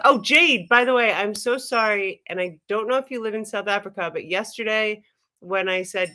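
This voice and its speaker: Woman, livestream host, casual chat, giggly, swears freely, middle pitch. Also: fairly quick, pushed and bright. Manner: chatty, giggly, swears freely, addresses viewers directly.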